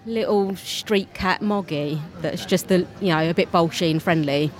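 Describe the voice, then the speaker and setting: A woman's voice: fairly low pitch, moderate pace. A woman with a Cockney accent, tired straight off stage, chatting as an interview guest in a scattered way and laughing often. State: tired, fried after a show. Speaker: theatre performer and interview guest. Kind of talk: casual interview chat. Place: festival venue straight after a show.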